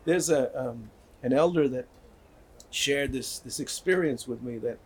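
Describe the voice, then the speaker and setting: Unhurried and medium-pitched with a breathy edge, this older man is a guest discussing healing and community. His storytelling is earnest and conversational, full of repeated words and frequent "right?" check-ins.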